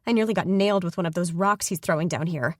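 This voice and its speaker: A woman's voice: lowish voice, quick pace, no room sound, clean studio sound, natural voice. A woman voicing an impatient, protective older sister who talks in a brusque, irritated way in an audiobook. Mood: annoyed. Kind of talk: audiobook character voice.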